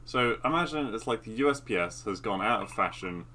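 A man's voice: lowish voice, lively intonation, fairly quick, pushed and bright. A man from Britain chatting casually about films with friends, rambling and hesitant, with many restarts. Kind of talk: casual movie review chat.

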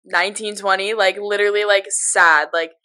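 Give me a woman in her twenties co-hosting a podcast, candid and chatty, with a bright tone. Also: medium pitch, steady tone, moderate pace. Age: 20s. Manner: candid, lots of "like" fillers. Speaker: podcast co-host. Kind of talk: casual chat.

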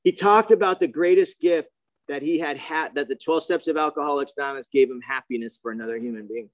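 A man telling his personal recovery story at a meeting, slangy and animated, acting out the voices of the people he quotes. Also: a little high, fast talker, no echo. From grew up near the ocean.

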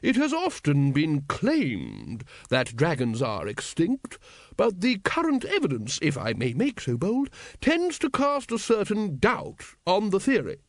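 A man's voice: high voice, wildly swooping pitch, a little slow, no echo, studio quality, pitched above the performer's own voice, exaggerated voice. A man putting on a pompous old wizard, Arch-Chancellor. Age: older.

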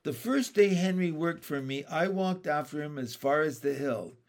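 A man's voice: a little high, animated, normal speed. A man reading aloud, voicing a kindly, amused town doctor in a storybook. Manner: amused, friendly.

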